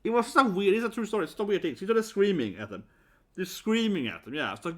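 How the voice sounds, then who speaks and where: Brief: Swedish-accented man in his thirties, blunt and animated storyteller, slightly higher voice. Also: quick pace. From Sweden. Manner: animated, blunt, swears and laughs often. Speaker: vlogger. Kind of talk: casual storytelling vlog.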